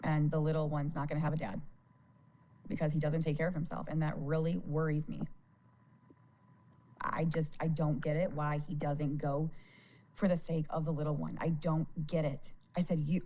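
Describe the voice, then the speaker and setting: A woman's voice: deep voice, level tone, normal speed, mellow. Frustrated, worried woman streamer. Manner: worried and frustrated, stammers and repeats words; swears freely. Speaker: live streamer. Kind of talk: casual livestream chat.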